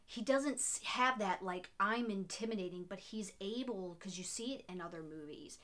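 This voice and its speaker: A woman's voice: medium pitch, animated, normal speed, a bit bright. Enthusiastic woman chatting about films. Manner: enthusiastic, filler-heavy with many restarts. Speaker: podcast co-host. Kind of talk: casual film discussion.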